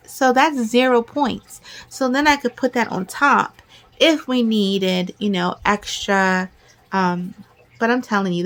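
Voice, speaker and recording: Excitable rambling woman vlogger. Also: mid-range voice. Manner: excitable, rambling, talks fast and jumbles. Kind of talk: casual chat to camera.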